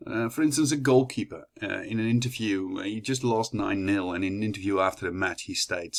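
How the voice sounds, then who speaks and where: A man's voice: on the low side, a little fast, creaky, hardly any pauses. A young man from the Netherlands with a Dutch accent, giving a chatty class presentation full of fillers and restarts. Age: young adult. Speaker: student presenter.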